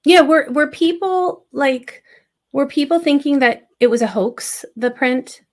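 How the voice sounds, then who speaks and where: A woman co-hosting a podcast, asking questions in a casual, halting way with many restarts. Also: high voice. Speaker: podcast co-host. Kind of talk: casual interview chat.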